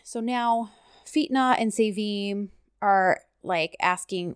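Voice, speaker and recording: A woman's voice: mid-range voice, slow pace, clear, resonant tone, dry recording, studio quality. A woman co-hosting a casual chat, retelling episode scenes and quoting the characters' lines. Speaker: podcast co-host recapping a TV series.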